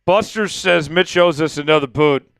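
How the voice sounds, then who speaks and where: A man's voice: on the high side, moderate pace, vocal fry, a bit bright, smooth, dry recording, faint music behind. A man hosting a live sports fan stream while drinking, swinging from hype chants to emotional thanks. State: drinking, tipsy. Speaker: sports livestream host.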